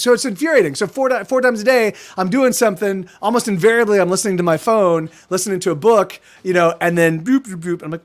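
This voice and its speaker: A man chatting casually on a livestream, rambling with many restarts and frequent swearing, from his small apartment. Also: high voice. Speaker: streamer.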